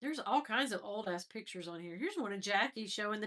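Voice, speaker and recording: A woman's voice: mid-range voice, lively intonation, fairly quick, a bit bright. A middle-aged woman hosting a casual livestream, chatting and laughing as she scrolls through old photos, her nose stuffy after crying. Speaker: livestream host.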